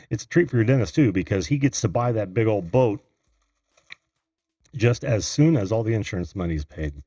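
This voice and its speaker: Gravelly, animated man hosting a call-in show. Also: on the low side, moderate pace, pauses often, no room sound, studio quality. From Indiana. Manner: chatty, laughs often, greets viewers by name. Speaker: host of a live video call-in show. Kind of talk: casual live-stream chat.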